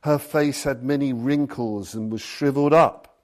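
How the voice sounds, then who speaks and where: Male Buddhist teacher, unhurried talk, tells stories and reads passages, mid-pitched. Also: darkish tone. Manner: storytelling, reads passages aloud. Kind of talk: dharma talk.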